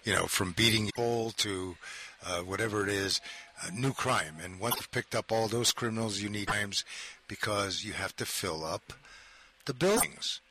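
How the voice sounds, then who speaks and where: A man talking as a guest on a radio talk show, halting with frequent ums and uhs. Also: on the low side, bright, forceful tone. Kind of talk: casual talk-radio conversation.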